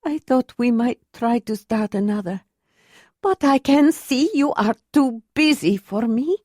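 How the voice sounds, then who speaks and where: Female reader doing a hurt, dignified young woman for a storybook audiobook: slow, controlled, a touch higher, bitter underneath. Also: dark tone, no room sound, clean studio sound. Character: Ayla, young woman, wounded, proud, dignified. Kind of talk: audiobook character reading.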